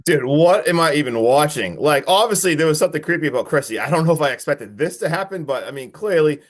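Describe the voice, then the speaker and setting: A young man co-hosting a podcast, retelling a horror film in a casual, animated way full of "like"s and disbelief. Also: a little high, quick pace. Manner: animated, disbelieving storytelling with many "like"s. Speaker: podcast co-host. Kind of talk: casual movie recap.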